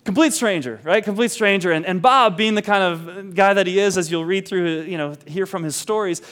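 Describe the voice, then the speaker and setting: Lively man retelling a story. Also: high-pitched, brisk. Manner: animated, many restarts, acts out the quoted dialogue. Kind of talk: casual anecdote retelling.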